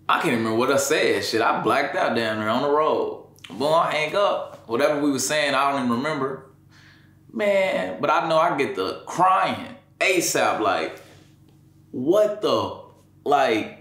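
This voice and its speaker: A man's voice: fairly high pitch, a bit bright. Emotional slangy man, echoey room. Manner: slangy, emotional, repeats "you know what I'm saying". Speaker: father telling his story in an interview. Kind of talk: emotional casual storytelling.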